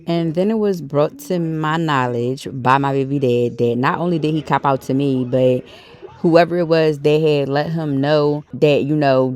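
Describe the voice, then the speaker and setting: A woman vlogger telling a story in a casual, animated and profane way, full of fillers. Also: rumbling low.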